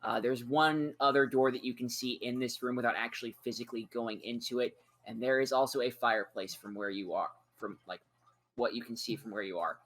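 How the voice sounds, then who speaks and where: A man's voice: mid-range voice, fairly quick. A man acting as game master, narrating a tabletop game in an easygoing, descriptive way. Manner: easygoing, describes scenes in relaxed detail.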